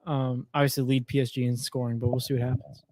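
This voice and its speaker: A man co-hosting a podcast, talking quickly in a teasing, casual way about sports and laughing often. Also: mid-range voice, level tone, darkish tone, dry recording, studio quality. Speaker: podcast co-host.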